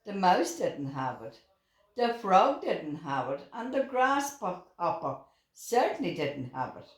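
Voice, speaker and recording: An older woman reads a children's story aloud, slowly and expressively, with a voice that rises and falls a great deal. The recording sounds roomy, with a clear echo around her. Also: on the low side. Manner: slow and expressive, with lively voices. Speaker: grandmother reading to children. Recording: roomy echoing room.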